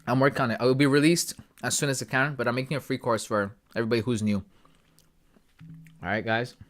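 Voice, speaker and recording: A relaxed man from Ghana talks casually to his live-stream chat, cracking jokes and dropping slang. His voice sits at an ordinary, mid-range pitch. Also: fast talker, slight background noise. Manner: laid-back, joking, talks to chat with slang. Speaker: forex trading streamer.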